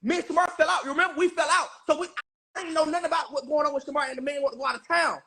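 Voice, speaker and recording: A man's voice: extremely high pitch, fairly even intonation, very fast, bright, forceful tone. A man, arguing heatedly and insistently on a live stream, swearing oaths and cursing often.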